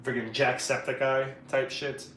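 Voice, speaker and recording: A man's voice: medium pitch, flat delivery, unhurried, bright, forceful tone, slight background noise. A man chatting loosely and rambling on a live stream while he paints, with frequent swearing. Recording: echoey room with music in the background.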